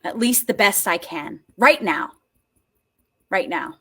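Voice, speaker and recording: A woman guiding a tapping and healing session, talking slowly and emotively with many sighs, and coaxing listeners to repeat her phrases. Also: lowish voice, expressive, fairly bright tone. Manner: slow, breathy, emotive, with frequent sighs.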